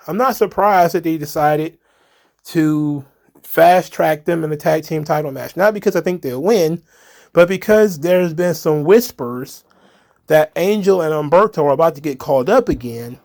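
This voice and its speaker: A man's voice: on the high side, a little mellow. A man hosting a casual solo wrestling commentary, opinionated and rambling, with frequent fillers and restarts. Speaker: wrestling commentary channel host.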